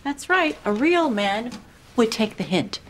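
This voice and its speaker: A woman's voice: on the high side, sing-song, unhurried, a bit bright, a little hiss or hum. A woman in a sitcom, with a brusque, dry way of talking. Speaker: sitcom character, a brusque boss. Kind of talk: sitcom acting.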